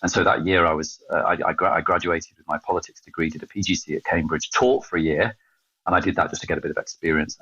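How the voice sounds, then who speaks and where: An English man in his fifties, a podcast guest telling stories of his calling in a casual interview, animated and self-mocking. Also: a bass voice, husky, dry recording. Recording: dull, slightly lo-fi sound.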